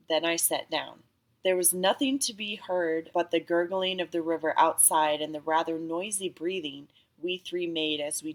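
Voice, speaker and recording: A woman reading a story aloud as an audiobook narrator, in a calm, steady storytelling manner. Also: on the low side.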